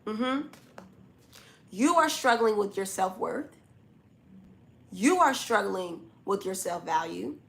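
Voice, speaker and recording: A woman's voice: mid-range voice, lively intonation, takes it slowly, gravelly, pauses often. Blunt woman giving a tarot reading. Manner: blunt, scolding, talks straight to the listener; casual slang, repeats points for emphasis. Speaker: tarot reader. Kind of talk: zodiac tarot reading to camera.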